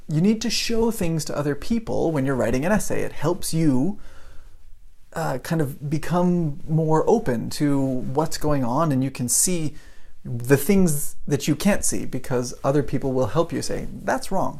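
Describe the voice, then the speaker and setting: A man's voice: on the high side, lively intonation, measured pace, creaky, a little mellow. Brief: male English teacher, casual live-stream talk, storytelling, keeps asking "right?".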